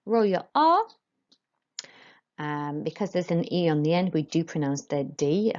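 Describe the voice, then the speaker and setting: A woman teaching a school French lesson, modelling each phrase slowly and carefully for pupils to repeat. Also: lowish voice, lively intonation, a little mellow, highs cut off. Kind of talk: recorded classroom lesson.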